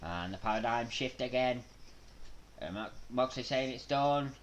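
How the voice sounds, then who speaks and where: A man with a Mancunian accent hosts a live watch-along, gasping loudly at big moments and then dropping back to easy chat with his viewers. His voice sits at a middling pitch. A faint hiss of noise runs under the recording. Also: a little slow, muffled recording. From Manchester, England. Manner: excitable, bursts into loud gasps during big moves, casual with chat. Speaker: live stream host.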